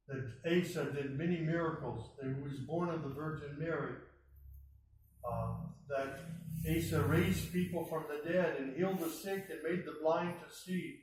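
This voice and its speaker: An American man with a fairly high voice earnestly recounts his conversion story in a mosque hall, acting out the voices of people he met along the way. The hall is very echoey, the mic sits at a distance, and there's slight background noise.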